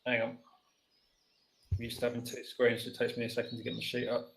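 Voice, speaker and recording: A man plays a tabletop game, speaking quietly and slowly. He sits well back from his microphone, so he sounds distant. His voice has a middle pitch. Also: monotone, creaky, a little hiss or hum. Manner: quiet and slow-spoken. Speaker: player. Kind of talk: casual tabletop game chat.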